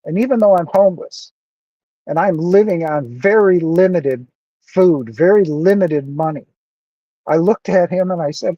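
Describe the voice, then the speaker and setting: A man's voice: high-pitched, normal speed, warm tone, no echo, dull audio. A man talking earnestly and emotionally into his camera in a personal monologue, close to tears and repeating himself. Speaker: vlogger.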